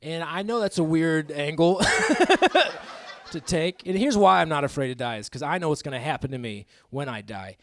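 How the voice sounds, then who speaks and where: A man in his thirties doing live stand-up comedy on a club stage, crude and self-mocking, with quick asides to the crowd. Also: on the high side, sing-song, a bit bright, dry recording. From American Midwest.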